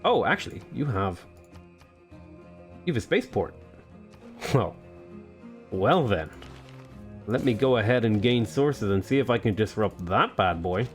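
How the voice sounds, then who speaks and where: A man's voice: fairly low pitch, expressive, a little slow, long pauses, soft background music. Playful joking gamer guy. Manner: playful, jokey, rambling with many fillers. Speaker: gaming video host. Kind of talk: casual let's play commentary.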